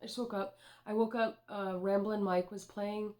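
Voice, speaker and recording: Her voice is mid-range and darkish, with fairly even intonation and a normal speed. She's a twenty-something tarot card reader whose casual vlog wanders all over, peppered with swearing and frequent "dude."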